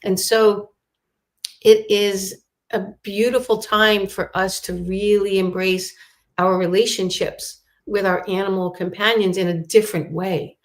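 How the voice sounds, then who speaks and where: A woman guest in a casual chat who speaks in a calm, soothing way about energy and emotions. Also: mid-range voice. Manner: slow, soothing spiritual talk.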